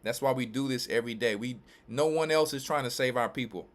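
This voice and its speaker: A man from Louisiana and Texas, a church elder and pastor, giving emphatic, repetitive preaching commentary with quick restarts. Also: medium pitch.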